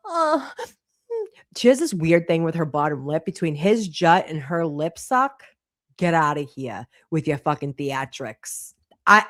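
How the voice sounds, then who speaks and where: A woman's voice: low-pitched, no room sound, studio quality. A woman hosting a livestream gossip show, commenting in a profane, sarcastic, mocking manner. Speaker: host.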